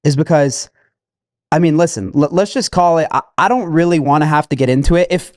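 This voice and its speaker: A young man talking casually on a podcast in a halting, repetitive way, restarting his sentences often. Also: a little high, no echo, clean studio sound. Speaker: podcast guest.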